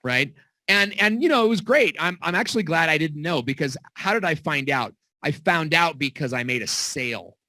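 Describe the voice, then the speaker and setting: A middle-aged man coaching on video marketing in a casual, animated way, telling stories with acted-out quotes, recorded in a home basement studio. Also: fairly high pitch, moderate pace, no echo. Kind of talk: casual teaching talk.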